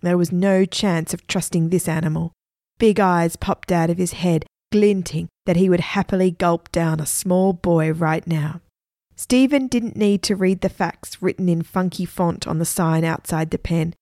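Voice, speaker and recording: A woman narrating a children's storybook with lively, expressive delivery. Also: lowish voice, unhurried, no echo, studio quality. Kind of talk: storybook reading.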